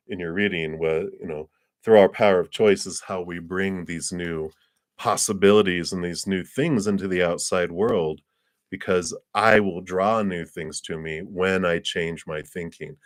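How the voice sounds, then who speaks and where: A man giving a live-streamed tarot card reading. He rambles in an unhurried way, with many fillers and soft laughs between thoughts. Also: low-pitched, steady tone, no echo, studio quality.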